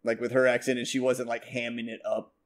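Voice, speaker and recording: A man's voice: medium pitch, level tone, brisk. Rambling, profane American man. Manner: rambling, profane, with many fillers. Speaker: podcast co-host. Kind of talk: casual chat.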